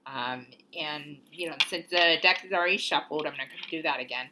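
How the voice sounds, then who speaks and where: A young woman with a deep voice talks a little fast over background noise as she hosts an oracle card reading on her channel. Her tone is casual and encouraging, and she rambles with ums and small laughs in this relaxed spiritual video.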